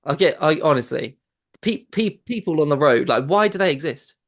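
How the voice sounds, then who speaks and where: A man's voice: a little high, expressive, moderate pace. A man in his thirties co-hosting a podcast, joking and complaining in casual chat. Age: 30s. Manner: jokey, complaining. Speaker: co-host.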